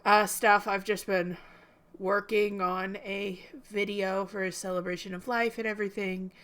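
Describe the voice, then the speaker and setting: A woman's voice: medium pitch, flat delivery, normal speed, a bit bright. A young woman hosting a movie reaction, chatting casually to her viewers in a slightly subdued way.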